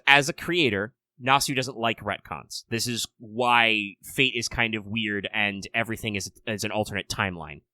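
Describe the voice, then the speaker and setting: An American man co-hosting a relaxed podcast, his voice bright and forward. He rambles, doubles back on words and drops wry asides. The sound is close and dry. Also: fairly low pitch, no room sound. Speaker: podcast co-host. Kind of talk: casual chat.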